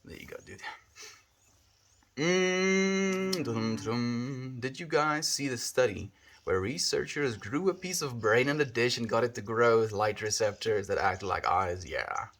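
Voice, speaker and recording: A South African man chats on his livestream in a mid-range voice, wandering from thought to thought. He muses aloud and fills pauses with little hums. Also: mid-range voice, a bit bright. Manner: musing, rambling, thinking aloud with hums. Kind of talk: casual livestream chat.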